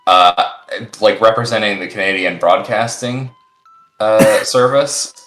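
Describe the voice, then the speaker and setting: A man with a lowish, slightly bright voice talks at a measured pace as co-host of a casual stream, rambling in jokey stretches full of restarts. The chat is recorded in an echoey room with faint music.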